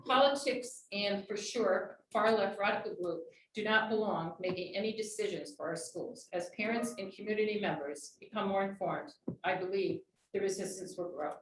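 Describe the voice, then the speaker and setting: A woman's voice: medium pitch, normal speed, few pauses. A woman giving an earnest public comment at a school board meeting, reading prepared remarks. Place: large meeting room. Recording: echoey room, distant mic, faint noise.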